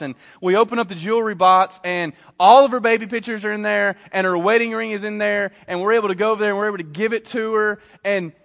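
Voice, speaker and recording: A male pastor, preaching a sermon and telling stories, swelling loud and then dropping soft. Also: high voice. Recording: reverberant hall.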